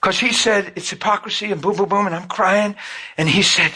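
A man's voice: high voice, normal speed, bright, forceful tone, breathy edge. A man preaching a sermon, telling a personal story with fervent, emotional storytelling.

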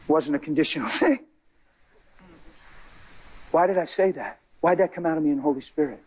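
A man giving an emotional spoken testimony to a church, impassioned and emphatic, his voice swinging from high cries to low murmurs. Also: a little fast, darkish tone, slightly rough, low-quality recording.

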